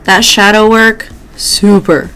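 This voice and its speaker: A woman's voice: medium pitch, steady tone, slow, fairly bright tone, clear, resonant tone. A Mexican woman hosting a casual vlog, chatting while doing her makeup. She talks chattily, swears often, laughs a lot and mixes in Spanish words. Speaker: host and tarot reader.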